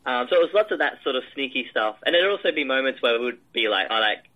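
A man's voice: medium pitch, animated, fast talker, dull audio. A man, a film director, describing his shoot in a casual interview, rambling with many fillers and restarts.

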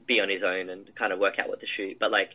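A man's voice: low-pitched, little pitch movement, fast, lo-fi sound. A man, a film director, describing his shoot in a casual interview, rambling with many fillers and restarts.

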